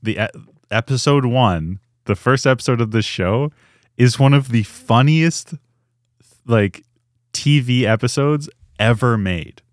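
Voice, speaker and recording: A man co-hosting a podcast in casual chat, animated and laughing, now and then mimicking characters. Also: medium pitch, a little slow, no echo, clean studio sound. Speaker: podcast co-host.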